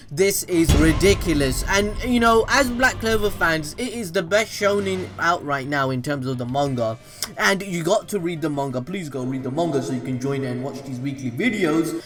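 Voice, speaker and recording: An energetic man hosts a casual manga review, rambling enthusiastically through his theories. His voice sits fairly high for a man, and faint music plays underneath his talk. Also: normal speed. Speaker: anime channel host.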